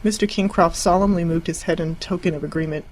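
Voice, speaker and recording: An audiobook narrator reading a classic novel in a measured, even storytelling voice. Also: mid-range voice, poor audio. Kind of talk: scripted narration.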